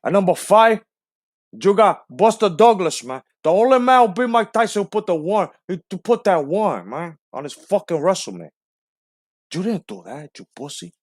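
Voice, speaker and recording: A man's voice: sits high, very animated, moderate pace, no echo, clean studio sound. Man doing Tony Montana, a brash Cuban gangster. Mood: boastful. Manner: brash, taunting, ends phrases with "man". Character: swaggering foul-mouthed male Cuban gangster.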